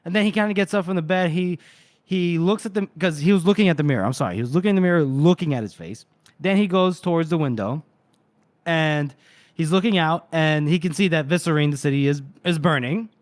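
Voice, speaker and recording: A man's voice: a little high, a little fast, dry recording. A man co-hosting a book podcast, retelling chapters in loose, profane casual chat. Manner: loose and profane, acting out quoted lines. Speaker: podcast co-host.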